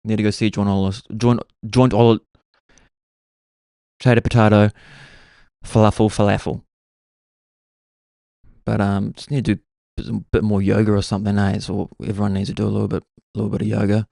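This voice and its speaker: A man's voice: fairly low pitch, gravelly, mellow, no echo, studio quality. A young man, hosting a podcast and musing through a laid-back, self-mocking comic monologue. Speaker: podcast host.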